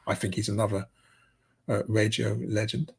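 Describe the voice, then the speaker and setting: Gravelly, husky-voiced male news host. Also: fairly low pitch, level tone, normal speed. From United Kingdom. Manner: rambling, many fillers and restarts. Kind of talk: casual spoken news commentary.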